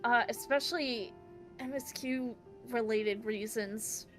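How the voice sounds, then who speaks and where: A woman's voice: on the high side, fairly even intonation, takes it slowly, faint music behind. A woman guest in a casual chat about a video game, giggly and hesitant, with many fillers.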